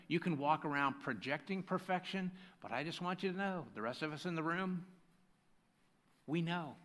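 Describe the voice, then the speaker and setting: A man's voice: a little high, a bit bright. A man preaching a sermon as pastor: he reads scripture aloud, then speaks directly to his congregation. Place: church sanctuary with a congregation.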